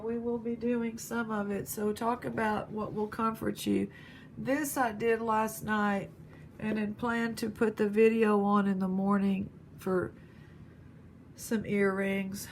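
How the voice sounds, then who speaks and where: A woman vlogging casually, gently thanking viewers as she opens gifts and admires jewelry. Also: medium pitch, flat delivery, measured pace, a little hiss or hum. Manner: gentle, appreciative, lingering over each gift. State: near tears, grieving. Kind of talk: casual vlog chat.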